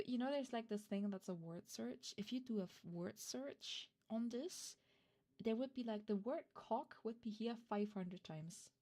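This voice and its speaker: A woman with a fairly high, somewhat dark voice, a streamer host who isn't a native English speaker, reads fan fiction aloud and chats with her viewers. She sounds hesitant and flustered, often cutting herself off with asides.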